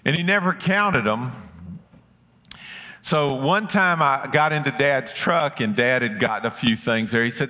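A man preaching in a big hall with a long, ringing reverb. His voice is bright and forceful. He tells a childhood story in a folksy way and acts out the voices of the people in it. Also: mid-range voice, a little slow. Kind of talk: sermon with personal storytelling.

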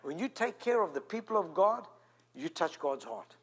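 A man's voice: sits high, sing-song, moderate pace, husky. A man, the senior pastor of a church, preaching an emphatic storytelling sermon with sudden rises and drops. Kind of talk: animated sermon.

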